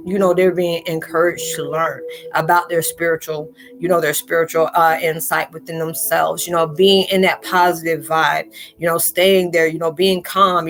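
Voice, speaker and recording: A spiritual vlogger talking casually and loosely to her viewers, repeating "you know" as she goes. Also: fairly low pitch. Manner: chatty, loose, talks straight out with lots of "you know".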